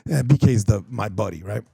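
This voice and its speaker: A man's voice: on the low side, expressive, normal speed, vocal fry, dark tone, slightly rough, no echo, clean studio sound. A middle-aged man hosting a casual podcast, rambling and swearing as he tells stories and acts out the quotes. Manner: profane, rambling storyteller who acts out quotes. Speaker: podcast host.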